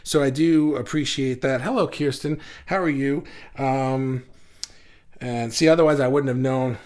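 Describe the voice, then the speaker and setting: A man hosting a casual livestream, talking excitedly to viewers and reading their comments, halting often with restarts. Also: mid-range voice. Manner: says he talks fast when excited. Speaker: livestream host. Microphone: phone.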